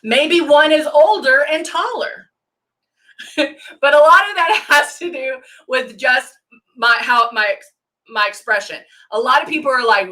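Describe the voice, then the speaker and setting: A woman's voice: high voice, moderate pace, sharp tone. A middle-aged woman hosting a makeup live stream, chatting casually as she works and greeting viewers by name. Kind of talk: casual demo chat.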